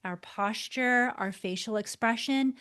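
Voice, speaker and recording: A woman teaching a lesson to camera, expressive, shifting her tone and pace for emphasis as she gestures. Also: a little high. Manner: gestures deliberately while talking. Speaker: body language instructor.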